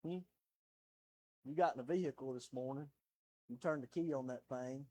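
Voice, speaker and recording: A young adult man with a Southern American accent, preaching a sermon from the pulpit, swinging from quiet storytelling to loud, pleading preaching. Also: medium pitch, normal speed. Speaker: pastor. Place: church sanctuary.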